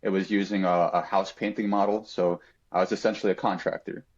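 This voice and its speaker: A man's voice: low-pitched, flat delivery, fairly quick, slightly rough, lo-fi sound. A man telling a personal story on a podcast in an earnest, reflective way, with frequent fillers and restarts.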